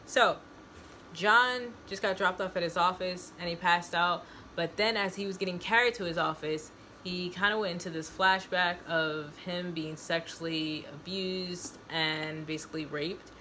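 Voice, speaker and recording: A woman's voice: on the low side, fairly even intonation, unhurried, bright, forceful tone, a little hiss or hum. A woman host casually recapping a story, rambling and repeating herself as she explains.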